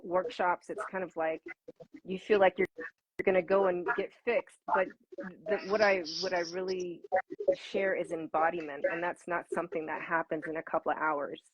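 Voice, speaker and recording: A woman answering interview questions as an intimacy coach, animated and laughing, often repeating words for emphasis. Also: on the low side, moderate pace, slight background noise, low-quality recording.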